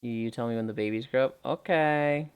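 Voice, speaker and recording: A man's voice: medium pitch, brisk, smooth. A man streaming live, chatting casually and reading viewer messages aloud while walking, sounding a little tired.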